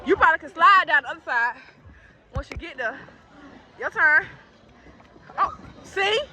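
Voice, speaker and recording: A young woman vlogging on her phone at an outdoor water park obstacle course, out of breath, loud and laughing, teasing and swearing in casual chat. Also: high voice, lively intonation, moderate pace. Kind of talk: casual vlog chatter. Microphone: handheld phone camera. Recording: noisy outdoor crowd audio.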